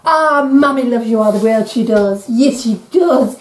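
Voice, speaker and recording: A woman's voice: on the high side, a little slow. A young woman talking to camera in a family vlog, gushing and sing-song as she coos at her children. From England. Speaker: family vlogger. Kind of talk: casual vlog talk to camera. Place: shops and home.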